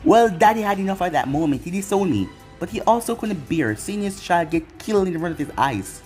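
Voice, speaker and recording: A man's voice: high-pitched, very animated, fairly quick, a little mellow, soft background music. A man narrating a fan story in first person, with sarcastic asides.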